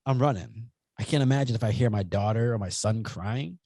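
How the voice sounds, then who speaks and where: A young man co-hosting a podcast in casual chat, telling rambling, animated stories and swearing freely. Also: medium pitch, brisk, creaky, no echo. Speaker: podcast co-host.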